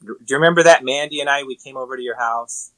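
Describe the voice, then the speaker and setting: A man's voice: medium pitch, fast talker, low-quality recording. A man in his thirties, a guest on a video call, telling stories and teasing the hosts. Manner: teasing, animated storyteller. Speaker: podcast guest. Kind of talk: casual chat.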